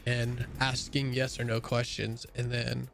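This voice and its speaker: Gravelly-voiced man rambling while gaming. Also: medium pitch, completely flat delivery, a little slow, a bit bright, faint music behind. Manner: rambling, many fillers and restarts; yawning, a bit tired. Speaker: gaming streamer. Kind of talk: casual chat while playing a game.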